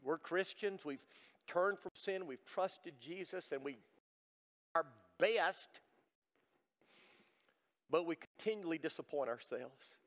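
Middle-aged man, pastor, fairly high register; earnest sermon delivery that swings between loud emphasis and near-whispers. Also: lively intonation, takes it slowly, long pauses, big-room sound. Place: church service.

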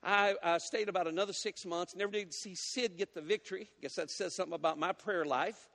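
A man preaching a sermon as a guest, folksy and animated as he tells stories and teases the congregation. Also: high voice, fairly quick, creaky, long reverb tail. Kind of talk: sermon with storytelling. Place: church sanctuary.

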